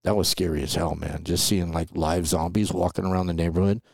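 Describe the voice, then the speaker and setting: This podcast guest is a middle-aged man from Los Angeles, USA, telling animated stories in a relaxed interview, sprinkled with "man" and "right?". He talks briskly in a low voice with a gravelly fry, captured close to the mic, dry, with no echo.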